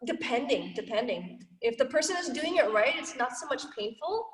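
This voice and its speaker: A woman's voice: sits high, sing-song, moderate pace. Woman, martial arts instructor, chatty, filler-heavy, echoey room, far from mic. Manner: chatty, full of fillers, acts out quotes. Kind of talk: online class instruction. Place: gym, over a video call.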